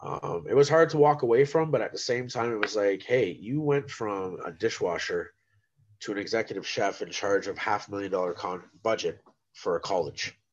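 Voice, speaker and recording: Low-voiced man telling animated stories. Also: normal speed, dull audio, a little hiss or hum. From Canada. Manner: animated storyteller who acts out the people he quotes. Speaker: guest, rapper and former chef. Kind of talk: casual podcast storytelling.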